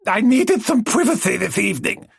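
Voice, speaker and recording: A man's voice: sits high, big pitch swings, moderate pace, creaky, breathy edge, no room sound, studio quality, voice pushed up, full character voice. A man voicing a toothless elderly mother who lisps and bosses her daughter about. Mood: coy, unapologetic. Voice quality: lisping.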